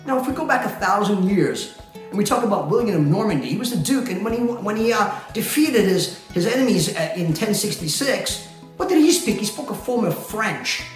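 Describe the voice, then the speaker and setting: A man, a company president, explaining things in a chatty way, asking rhetorical questions and often laughing. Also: high voice. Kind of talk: explainer talk to camera. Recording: very echoey room with faint music.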